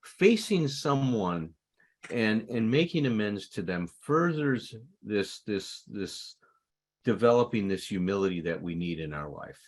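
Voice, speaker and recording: A man co-presenting a recovery talk, explaining amends in an earnest, conversational teaching manner. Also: fairly low pitch. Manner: earnest, acts out insincere apologies animatedly.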